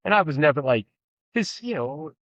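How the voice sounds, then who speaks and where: A man hosting a podcast in casual chat, chatty with quick interjections. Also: a little high, very animated, no room sound, highs cut off. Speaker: podcast host.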